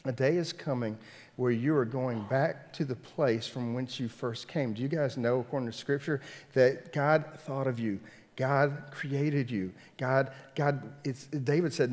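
A Southern-accented pastor in mid-life delivers his sermon in a loose, conversational way. His voice sits at a middle pitch, stumbling over restarts and circling back on phrases for emphasis. A long reverb from a large church hall trails each line. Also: a little slow, darkish tone. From Southern United States.

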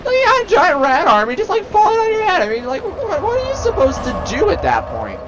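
A young man giving joking, rambling commentary as he plays a video game, dropping to mumbles and then bursting into loud rants. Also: extremely high pitch, wildly swooping pitch, a little fast, lo-fi sound, over a noisy crowd. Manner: rambling, jokey, swings from mumbling to loud outbursts. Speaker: gaming channel host. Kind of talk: Let's Play commentary. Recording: loud background noise.

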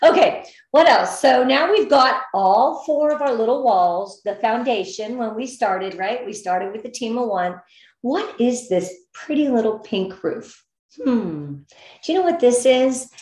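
A middle-aged woman, a direct sales team leader, gives her sales team upbeat, encouraging motivational business training and now and then gets emotional. Her voice is fairly high, expressive and darkish, at a measured pace, recorded in an echoey room.

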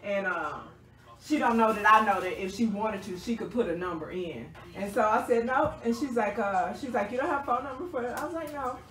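Woman, animated sarcastic storyteller, recorded from across an echoey room with faint music. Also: medium pitch, moderate pace. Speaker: vlogger. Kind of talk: casual storytelling to a friend. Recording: roomy, distant mic.

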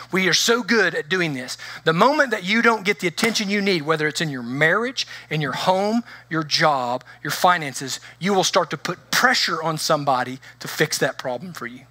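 A middle-aged man preaching a sermon as pastor, telling stories in an animated way and acting out the voices of the people in them. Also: on the high side, dry recording. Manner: animated storytelling with acted-out voices.

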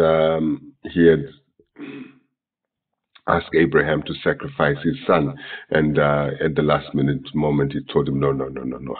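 A man with a very deep, husky voice teaches scripture, reading verse after verse in different translations. He talks in a flat, halting way, with plenty of fillers and throat-clearing. The sound is thin and tinny, as if recorded from a distance over a phone line. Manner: hesitant, many fillers and self-corrections. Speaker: Bible teacher.

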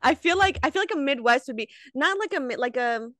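Bubbly lively woman. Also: high voice, fairly quick, no echo, studio quality. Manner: bubbly, laughs a lot, expressive. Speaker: podcast co-host. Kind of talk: casual chat.

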